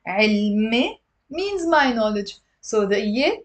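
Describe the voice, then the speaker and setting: A woman's voice: a little high, big pitch swings, unhurried. Patient woman teaching a live language lesson. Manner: patient, explains step by step and drills pronunciation; answers viewer questions from live chat. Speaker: online Arabic teacher.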